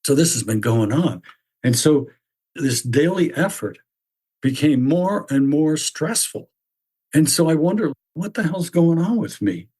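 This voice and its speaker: Musing older man with a husky voice. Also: fairly high pitch, a little mellow. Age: 70s. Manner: musing, full of rhetorical questions. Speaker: podcast host. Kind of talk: reflective personal storytelling.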